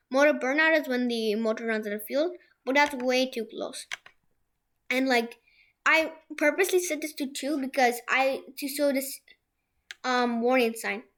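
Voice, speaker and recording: A young woman hosting a software tutorial from a room at home, talking it through in a rambling way with many restarts. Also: high voice. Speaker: tutorial host. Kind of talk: screen-share software tutorial.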